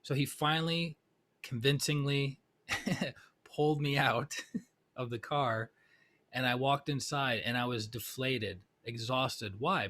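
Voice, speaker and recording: A middle-aged man who is a spiritual teacher tells a personal story in a conversational talk, repeatedly checking in with "right?". His voice is mid-range with a fairly bright tone.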